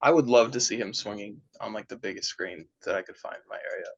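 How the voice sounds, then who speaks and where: A man's voice: fairly low pitch, fast. A young man co-hosting a podcast in casual chat, thoughtful and easygoing, often restarting his sentences. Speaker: podcast co-host. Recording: dry, slightly dull sound.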